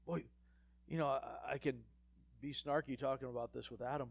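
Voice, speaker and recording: Dry-voiced preacher with sarcastic asides. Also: male voice, mid-range voice, a little fast, vocal fry, no room sound. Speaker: pastor. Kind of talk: sermon.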